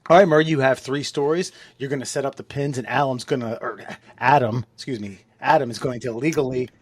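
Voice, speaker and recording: A man's voice: mid-range voice, a little fast. A man hosting a comedy podcast in a loose, joking way, swearing and stumbling over his words. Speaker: podcast host. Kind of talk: casual comedic podcast chat.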